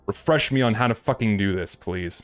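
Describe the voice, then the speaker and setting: A man's voice: fairly low pitch, normal speed, faint music behind. A man livestreaming, chatting to his viewers and muttering to himself as he fiddles with his settings, swearing often. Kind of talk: live stream chatter.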